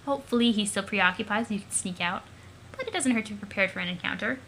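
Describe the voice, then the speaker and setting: Bright-voiced young woman reading aloud. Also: mid-range voice, fast, a little hiss or hum. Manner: excitable, giggly, swears casually. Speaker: let's play narrator. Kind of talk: reading a webcomic aloud with reactions.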